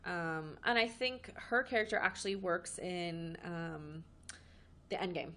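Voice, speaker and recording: A woman's voice: fairly low pitch, a little slow, a bit bright. A woman co-hosting a podcast, chatty and opinionated in casual pop-culture talk, laughing often. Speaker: podcast co-host.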